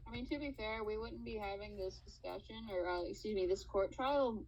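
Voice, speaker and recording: A woman acting as a lawyer in a casual mock trial over voice chat, offhand and relaxed in manner. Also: medium pitch, a little fast, poor audio.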